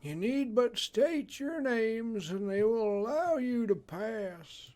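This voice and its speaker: A man's voice: very high-pitched, animated, slow pace, darkish tone, voice pushed up, exaggerated voice. A man voicing a formal male noble knight in a game, giving him an old man voice with a stately, formal delivery. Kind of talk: voice acting a game character.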